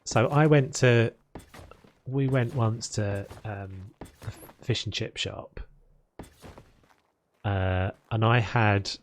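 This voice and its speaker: A man's voice: lowish voice, fairly even intonation, slow pace, pauses often, a little hiss or hum. A man streaming a video game, chatting casually and rambling between topics as he builds. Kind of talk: casual chat while playing.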